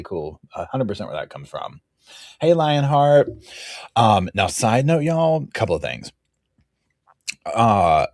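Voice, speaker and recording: Rambling low-voiced host, dry mic. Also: male voice, dry recording. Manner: rambling and animated, acts out quotes in a raised voice. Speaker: true crime livestream host. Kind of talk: casual live chat reacting to viewers. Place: home, dogs barking nearby.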